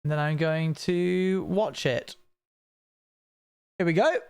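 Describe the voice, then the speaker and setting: Streamer guy, slightly high voice, rambles and restarts a lot, dry humour. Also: slow, gravelly, clear, resonant tone. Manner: chatty, wry, rambling with frequent restarts. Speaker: streamer reacting to a video. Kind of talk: casual live-stream commentary.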